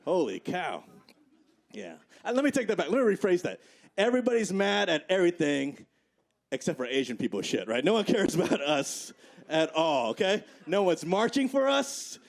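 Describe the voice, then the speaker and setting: A man in his forties with a high voice works a comedy club stage, chatting loosely and checking in with the crowd after nearly every line. He's from the Midwest and talks in a relaxed, conversational stand-up rhythm. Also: moderate pace. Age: 40s. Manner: conversational, peppered with "right?" and "okay?" tags. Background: audience laughter.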